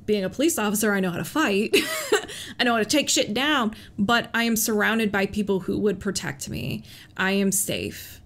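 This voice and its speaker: A woman who works as a police officer, talking candidly about recovery, earnest, with laughs between thoughts and calming phrases she repeats. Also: mid-range voice. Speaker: police officer sharing her recovery story. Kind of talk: personal advice vlog.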